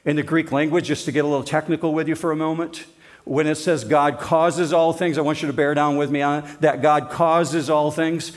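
Male pastor, slightly high voice, emphatic sermon delivery with forceful and hushed passages. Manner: emphatic preaching, swings between forceful and hushed.

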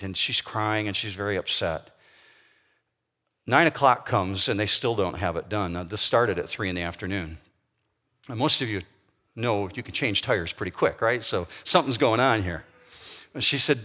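Storytelling middle-aged pastor. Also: male voice, fairly low pitch, normal speed, bright, forceful tone. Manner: storytelling, conversational, asks the audience questions. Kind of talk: sermon.

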